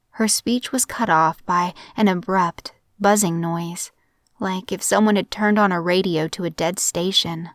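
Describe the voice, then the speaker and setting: A woman's voice: fairly low pitch, steady tone, unhurried, no room sound, clean studio sound. Somber woman narrating a horror story.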